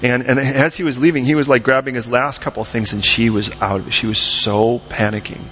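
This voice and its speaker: Middle-aged male pastor, lively sermon storyteller, dull recording. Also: mid-range voice, moderate pace, a little hiss or hum. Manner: animated storytelling, acts out voices.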